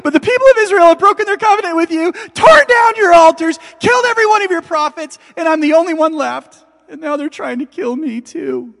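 Guy preaching, doing a frantic prophet yelling his complaint way up high, big echoey hall. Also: fairly quick, vocal fry, hardly any pauses, full character voice. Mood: desperate. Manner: shouted, strained pleading. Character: desperate, self-pitying male prophet crying out. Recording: long hall reverb.

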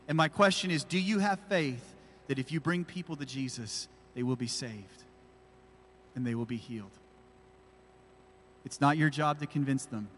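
A man's voice: mid-range voice, normal speed, pauses often, fairly bright tone, a little hiss or hum. A man preaching a sermon as pastor, pressing his point with emphatic, repeated rhetorical questions. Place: church. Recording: reverberant church hall.

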